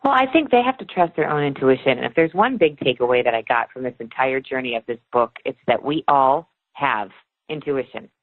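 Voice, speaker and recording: Low-voiced woman on a tinny phone line. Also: a little fast. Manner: animated storyteller, acts out dialogue. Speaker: author guest. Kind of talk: podcast interview storytelling.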